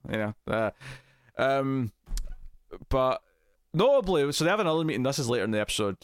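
A man in casual podcast chat, recapping a TV episode in a rambling, animated way and acting out quotes. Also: medium pitch, brisk, smooth, no room sound, clean studio sound. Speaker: podcast co-host.

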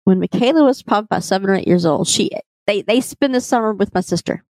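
A chatty woman with a Texan accent co-hosts a relaxed podcast, spinning anecdotes at an easy clip. Her voice sits in a middle register. The recording is dry and close, with no room sound. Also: mid-range voice, fast talker, no echo. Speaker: podcast co-host. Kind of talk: casual podcast chat.

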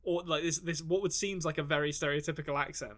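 Joking man with a bright, higher voice. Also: fairly even intonation, quick pace. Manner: joking, laughs often, stammering restarts. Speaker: podcast co-host. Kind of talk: casual chat.

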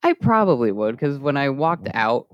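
A man's voice: medium pitch, sing-song, normal speed, no echo, dull audio. A man co-hosting a casual film discussion, easygoing, often saying "like" and "kinda". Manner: easygoing, says "like" and "kinda" a lot. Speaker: podcast co-host.

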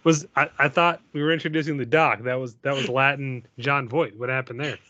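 A man hosting a podcast with friends, animated and jokey, often restarting sentences. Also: medium pitch, a little fast, no echo. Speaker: podcast host. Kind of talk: casual chat. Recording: dull lo-fi sound.

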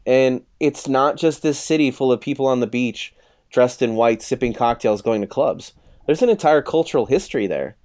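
A man in his thirties with a medium-pitched voice and normal speed narrates a rowdy story casually. He's an animated storyteller who swears a lot and acts out the dialogue of others.

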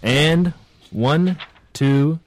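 A man's voice: on the high side, drawn-out words, slight background noise. A man hosting a comedy podcast, keeping a guest on track and counting in takes. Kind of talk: casual comedic banter.

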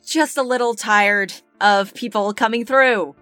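A woman's voice: fairly high pitch, a little slow, a bit bright, soft background music. A woman voicing a blunt, fed-up young village woman who speaks with exasperation in a tabletop game. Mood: exasperated.

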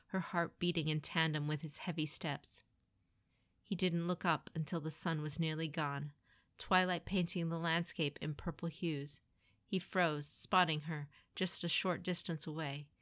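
A woman narrating a grim fantasy story in a dramatic, expressive reading. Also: fairly low pitch, no echo, clean studio sound.

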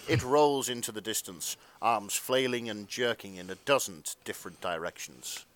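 A man's voice: lowish voice, moderate pace, fairly bright tone. A man narrating a comic fanfiction reading in a mock-dramatic way, often breaking into laughter.

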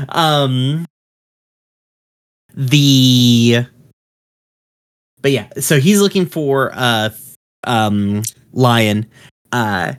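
A man's voice: mid-range voice, very slow, pauses often, clear, resonant tone. A man casually recapping a cartoon episode, rambling with many fillers and curse words. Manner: rambling, full of ums and uhs, profane.

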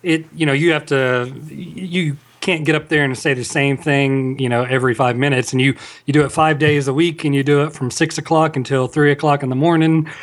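Guy guest on a podcast, bit higher voice, laid back storytelling. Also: steady tone, brisk, hardly any pauses. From Texas. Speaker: guest actor. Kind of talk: casual podcast chat.

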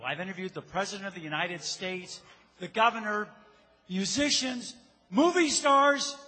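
Male reporter, playful presenter; husky, sharp tone, hall reverb. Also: sits high. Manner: playful, announcer-like. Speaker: news reporter. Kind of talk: presenting at a live event. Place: large live event hall.

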